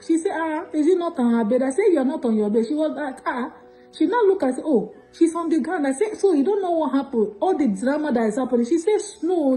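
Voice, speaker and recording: A woman telling an emotional testimony in church. Her voice is a little high but mellow and warm. Faint music plays behind her. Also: low-quality recording. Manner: emotional, retelling with quoted dialogue. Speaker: testimony giver.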